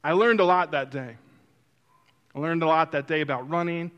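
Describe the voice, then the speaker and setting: Man, high-pitched, lively storyteller, preacher style, acts out voices. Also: moderate pace, clear, resonant tone, lo-fi sound. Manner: animated, acts out quotes, drops to a soft reflective tone. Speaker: speaker telling a story. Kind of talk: sermon-like storytelling.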